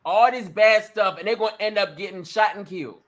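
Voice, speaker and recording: A male talk show host giving emphatic opinion commentary, acting out little scenes and addressing listeners as ladies and gentlemen. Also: sits high, fairly quick.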